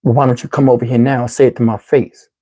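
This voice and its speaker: A man voicing a bold, sultry woman on the phone, speaking low and teasing. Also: level tone, fast talker, dark tone, dry recording, natural voice.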